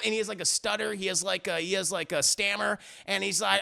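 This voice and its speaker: A man's voice: sits high, fairly quick, vocal fry, hardly any pauses, bright, forceful tone. A man reviewing music on a live stream, recapping a story in a rambling, profane way, with many fillers and restarts.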